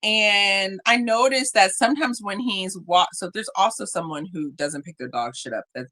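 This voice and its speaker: A woman's voice: mid-range voice, moderate pace. A woman co-hosting a podcast, chatting casually and animatedly, acting out little quotes as she tells stories. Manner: animated storyteller, acts out quotes. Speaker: podcast co-host. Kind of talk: casual chat. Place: living in Japan.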